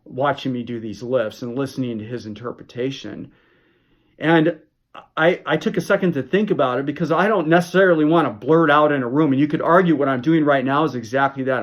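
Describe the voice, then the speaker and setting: A man's voice: medium pitch, muffled recording. Man telling a story to camera. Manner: rambling anecdote with frequent restarts. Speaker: health vlogger. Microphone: camera mic.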